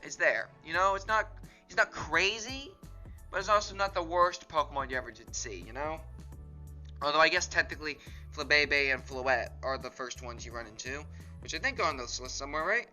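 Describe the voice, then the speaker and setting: A man's voice: fairly high pitch, a little fast, bright, forceful tone, faint music behind. A man giving casual, rambling commentary on a tier list, often breaking off mid-sentence and laughing. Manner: rambling, self-interrupting, giggly. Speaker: gaming YouTuber.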